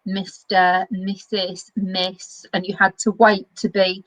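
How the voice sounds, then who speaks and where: A middle-aged woman, hosting a casual chat and telling lively stories with frequent laughter. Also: mid-range voice, takes it slowly, dry recording, poor audio. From northern England. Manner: lively storyteller, laughs often. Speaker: web TV host.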